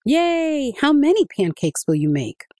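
A woman puts on a small, excited village boy from a storybook, his voice high and bouncing with eagerness. The sound is breathy and dry, close to the mic. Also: normal speed, no echo. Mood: eager.

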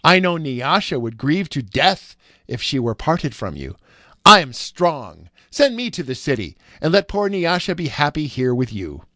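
A spiteful, greedy young woman from a storybook, as a male reader puts her on, haughty and quick to scold. Her voice sits raised and lively and rises and falls sharply. It is recorded dry and close. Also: a little high, no room sound, exaggerated voice. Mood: sweetly false. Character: proud greedy young woman, bad-tempered.

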